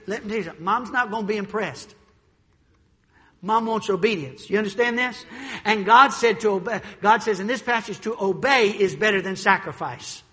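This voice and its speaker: A male pastor preaching a sermon in a church sanctuary, animated, repeating words as he builds a point. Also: very high voice, in a large hall.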